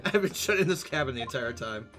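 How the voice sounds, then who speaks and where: Male streamer doing a courteous young woman, fake British accent, bright tone. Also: medium pitch, animated, brisk, faint music behind, voice pushed down. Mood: prim. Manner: attempted posh British accent. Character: polite young woman stowaway, mock-British.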